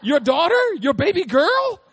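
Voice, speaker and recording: A man voicing his small daughter as a clingy, pleading little girl in a high sing-song. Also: wildly swooping pitch, normal speed, fairly bright tone, some chatter behind, heavily acted.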